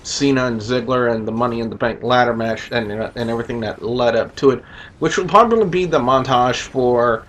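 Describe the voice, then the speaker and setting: A man's voice: mid-range voice, brisk, fairly bright tone, slight background noise. Man giving a rambling wrestling review. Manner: rambling, with frequent "uh" and "you know". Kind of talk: casual spoken review with scores.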